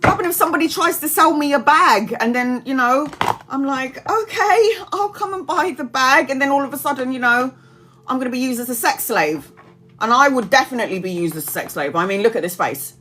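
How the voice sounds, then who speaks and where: A woman's voice: on the high side, animated, fast talker, bright, forceful tone, slight background noise. A woman in her forties, a tarot reader chatting casually to viewers on a live stream, rambling, laughing often and reading out comments.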